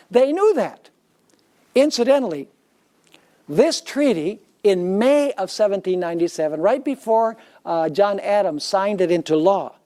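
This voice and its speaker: A man's voice: high-pitched, darkish tone. A male pastor preaching a sermon in an emphatic way, often asking his listeners rhetorical questions.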